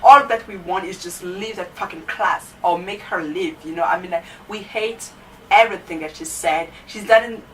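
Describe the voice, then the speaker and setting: Her voice is lowish with a fairly bright tone. This young woman is a student vlogger chattily recounting a story about her teachers, using lots of fillers such as "you know," captured by a distant mic with faint background noise.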